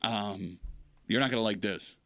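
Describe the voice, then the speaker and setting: A male radio host in a studio, bantering and teasing his co-host in an energetic way. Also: dry recording. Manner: energetic, teasing, quick to rise in pitch when arguing. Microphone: studio microphone.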